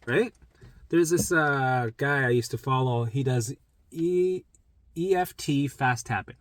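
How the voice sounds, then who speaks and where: A man's voice: medium pitch, slow pace. A man talking casually to camera, rambling and repeating himself as he explains something.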